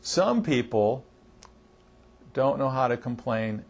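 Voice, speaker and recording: Man coaching service staff, slightly high voice. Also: animated, moderate pace. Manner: conversational, coaching, acts out customer lines. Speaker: marketing coach. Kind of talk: training talk to auto service staff.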